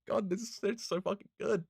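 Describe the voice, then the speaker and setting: A man's voice: high voice, vocal fry, darkish tone, slightly rough, no room sound, clean studio sound. A man reacting emotionally to a manga he reads, swearing often and laughing between lines.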